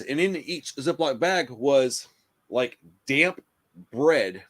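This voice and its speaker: A man, hosting a casual chat and telling a rough story in a profane, animated way, full of "bro" and "dude.". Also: medium pitch, slow pace. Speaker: podcast host.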